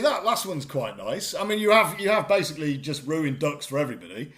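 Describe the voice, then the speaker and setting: A man, co-hosting a comedy podcast, excitable and animated, often stumbling over repeated words. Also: fairly high pitch, brisk. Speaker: co-host.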